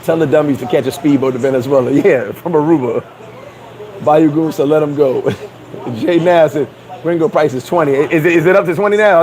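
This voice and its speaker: A man's voice: fairly high pitch, a little mellow, low-quality recording. A man hosting a casual livestream chat, talking bluntly and profanely and reading out viewer comments. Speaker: livestream host.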